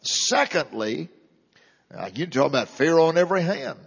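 A man's voice: fairly high pitch, sing-song, moderate pace, creaky, breathy edge. An older male pastor preaching a sermon in a church with impassioned, rising and falling emphasis. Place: church sanctuary. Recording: dull, lo-fi, long hall reverb.

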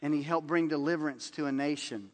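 In a large hall, a pastor with a fairly high voice speaks fairly quickly, telling lively sermon stories and voicing what people said in them, complete with laughs.

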